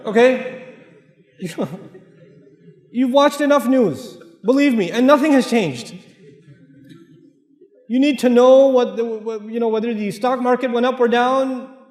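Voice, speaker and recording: A man's voice: extremely high pitch, measured pace, pauses often, a little mellow. A man with an American accent preaching a joking, direct sermon to families. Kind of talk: humorous sermon. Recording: echoey hall with long reverb.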